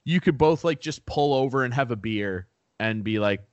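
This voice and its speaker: A man's voice: medium pitch, lively intonation, normal speed, no echo, lo-fi sound. A man from Canada telling a driving story in casual chat, ranting and swearing freely.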